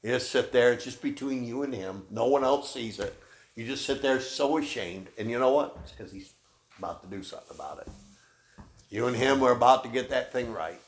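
A man's voice: mid-range voice, brisk. A man teaching the Bible in a folksy, conversational way, answering questions from the people in the room. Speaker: pastor. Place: church room. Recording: echoey room, faint noise.

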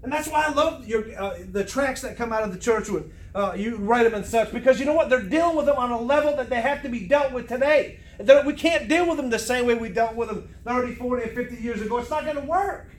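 Fervent high-voiced preacher in an echoey room. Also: male voice, fast talker, few pauses. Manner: fervent, emphatic, repeats for stress. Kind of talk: sermon. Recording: echoey room, faint noise.

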